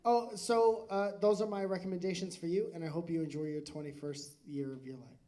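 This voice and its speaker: A man's voice: high-pitched, fairly even intonation, fairly quick, mellow. A man doing stand-up comedy crowd work on a live stage, joking loosely, swearing and laughing often. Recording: noisy live club recording.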